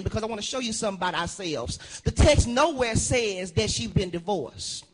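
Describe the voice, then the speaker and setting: A male pastor preaching a sermon, calling for a witness and swinging into shouted, sung phrases. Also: high-pitched, animated, normal speed, faint music behind.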